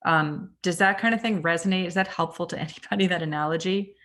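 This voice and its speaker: This Canadian-accented real estate agent talks quickly in a fairly low, slightly bright voice. Her training session on a video call is relaxed and chatty, full of ums and questions aimed at the people listening.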